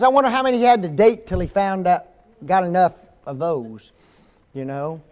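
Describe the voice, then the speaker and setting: Folksy high-voiced older preacher. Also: male voice. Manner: folksy, asks the congregation questions; reads scripture slowly and emphatically. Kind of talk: sermon. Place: church sanctuary.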